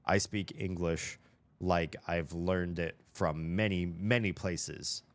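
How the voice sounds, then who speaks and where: An American streamer with a neutral General American accent chats casually with his livestream audience while gaming, rambling and thinking aloud. His voice is deep, with fairly even intonation and a slow pace.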